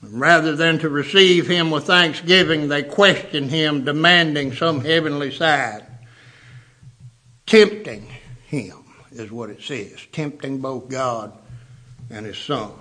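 A man's voice: a little high, takes it slowly, bright, forceful tone. A man preaching a sermon, emphatic, repeating words for stress.

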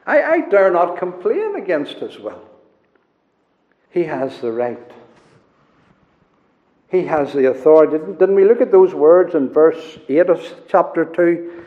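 A man's voice: fairly high pitch, very animated, unhurried, a little mellow. A man preaching a sermon, driving his points home with repeated phrases. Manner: emphatic repetition, rising and falling. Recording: echoey church hall, dull lo-fi sound.

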